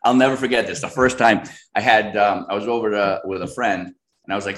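A man's voice: on the low side, fairly quick, a bit bright, roomy sound. A man speaking as the guest in a casual interview, rambling with lots of fillers and restarts. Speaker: guest product expert.

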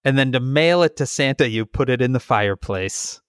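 A man's voice: mid-range voice, lively intonation, brisk, clear, resonant tone, no room sound, clean studio sound. A man in casual chat, laughing a lot and reacting with short asides.

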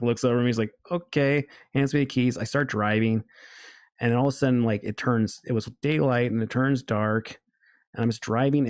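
A man's voice: fairly low pitch, a little mellow, no echo, studio quality. A man telling a long story in a casual, rambling way, full of fillers and restarts. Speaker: guest.

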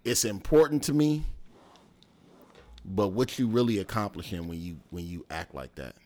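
A very deep-voiced man chatting casually in as a podcast co-host. He talks through his opinions reflectively, with lots of filler words. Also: animated, normal speed, a little mellow. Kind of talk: casual chat.

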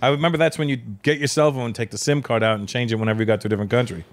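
A man's voice: medium pitch, steady tone. A man in his fifties co-hosting a comedy podcast, teasing and profane in casual banter. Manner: teasing, profane, quick to laugh.

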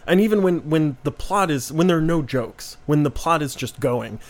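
A man's voice: fairly high pitch, lively intonation, normal speed. A young adult man co-hosting a podcast in casual chat, wry and dry-humored, laughing at his own stories. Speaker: podcast co-host.

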